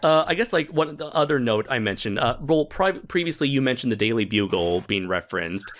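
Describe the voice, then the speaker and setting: A man's voice: medium pitch, lively intonation, brisk, fairly bright tone. A man in casual podcast film talk, easygoing and hesitant, with lots of fillers and frequent laughter.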